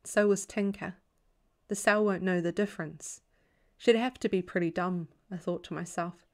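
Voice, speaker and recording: A woman reading a novel aloud as a bedtime story in a calm, even storytelling voice. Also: fairly low pitch, moderate pace. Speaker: audiobook reader.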